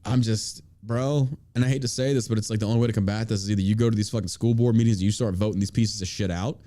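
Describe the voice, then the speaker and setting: A man's voice: lowish voice, steady tone, quick pace, dark tone. A man hosting a podcast, ranting angrily and cursing in casual chat. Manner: angry profane ranting. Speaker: podcast host.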